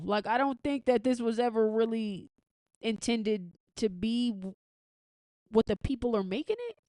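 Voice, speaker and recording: A woman's voice: mid-range voice, a little mellow, no room sound. Blunt, profane woman podcast host. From United States. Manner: opinionated, blunt and profane, with frequent restarts. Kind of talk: casual commentary.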